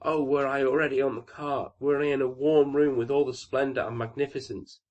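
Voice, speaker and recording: A man's voice: medium pitch, level tone, fairly quick, a little mellow, lo-fi sound, pitched above the performer's own voice, close to an everyday voice. A man voicing a young fir tree in a storybook reading, eager and full of longing questions.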